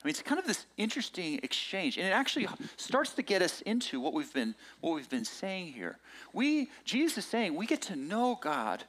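A male pastor delivering a sermon in a relaxed, conversational tone. His pitch swings widely as he leans into points. He sounds lively and engaged with his listeners. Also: moderate pace. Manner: conversational and animated, acting out quoted lines.

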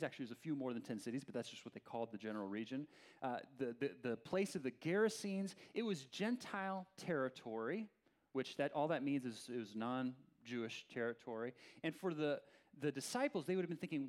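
Male pastor, slightly higher voice, conversational and animated sermon delivery. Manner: opens in a soft, slow prayer.

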